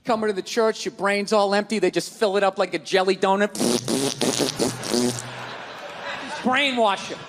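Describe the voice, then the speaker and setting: A man doing a stand-up comedy set on stage, ranting loudly and cursing freely into a handheld microphone. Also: high-pitched, fairly even intonation, fairly quick, few pauses, in a large hall, noisy background. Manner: loud, ranting, profane. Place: stage before a live audience. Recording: live comedy club with audience.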